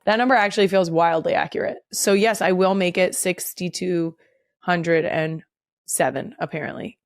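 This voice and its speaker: A woman in her thirties hosting a podcast, talking casually and bluntly, swearing freely and getting animated when reading out segments. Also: lowish voice, normal speed, no echo, faint music behind. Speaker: podcast host.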